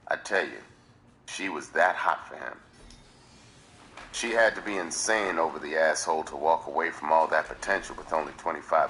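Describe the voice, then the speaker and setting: A man reading a memoir aloud on a livestream with measured, dramatic storytelling. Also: a bass voice, bright, forceful tone, a little hiss or hum, low-quality recording. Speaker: livestream reader.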